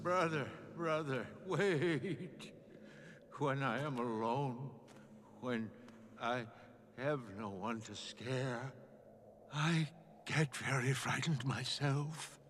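A lonely frightened villain. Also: male voice, medium pitch, slight background noise. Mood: fearful. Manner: slow, quiet and drawn out. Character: lonely sinister male villain, frightened when alone. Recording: film soundtrack with long reverb.

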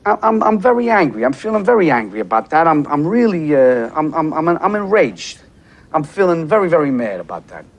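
A hot-tempered mob boss, swearing and blustering in a fairly high, wildly swinging voice. He stammers and trips over his words when his feelings come up, then erupts into threats. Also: sing-song, fairly quick. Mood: halting. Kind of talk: film dialogue.

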